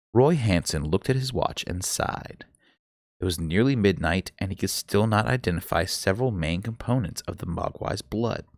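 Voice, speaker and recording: Guy reading a novel aloud live, gravelly low voice, super lively ups and downs, dry close sound. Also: no echo. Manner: expressive storytelling with occasional stumbles. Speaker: book reader.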